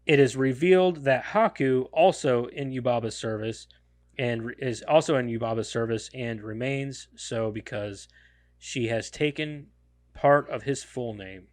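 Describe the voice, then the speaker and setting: A man's voice: mid-range voice, unhurried, dry recording. A man hosting a podcast, reading a film summary aloud in a casual way, stumbling and correcting himself. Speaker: podcast host.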